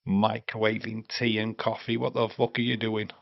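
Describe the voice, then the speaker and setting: A man's voice: on the low side, level tone, moderate pace, gravelly, no room sound. Casting note: English male streamer, casual banter, dry lo-fi home mic. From England. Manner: chatty, reads out chat, swears freely. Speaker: livestream host. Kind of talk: casual watch-along chat.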